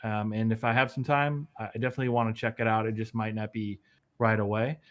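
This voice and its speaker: A man co-hosting a casual gaming podcast from a remote line that sounds choppy and robotic, delivering dry, deadpan jokes. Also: lowish voice, fast. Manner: deadpan joking, dry sarcasm. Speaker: podcast co-host. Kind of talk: casual chat about video games.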